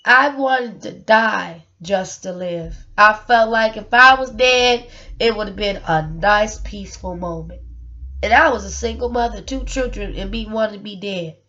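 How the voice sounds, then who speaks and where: A woman's voice: medium pitch, unhurried, sharp tone, muffled recording. Earnest woman in an emotional vlog. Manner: emotional, earnest, repeats words, rhetorical questions. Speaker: single mother sharing her story. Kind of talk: personal vlog monologue.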